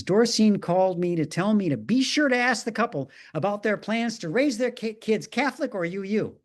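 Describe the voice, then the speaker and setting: A middle-aged male minister telling a story in a sermon, with dry, wry asides. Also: on the high side.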